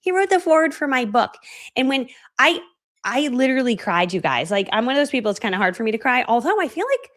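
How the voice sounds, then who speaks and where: Animated woman in her forties telling stories. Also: a little high, fast talker. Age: 40s. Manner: animated storytelling, acting out her own past reactions; self-deprecating, chatty, many fillers like "right?". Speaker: online course coach presenting a training event. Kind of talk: motivational training talk.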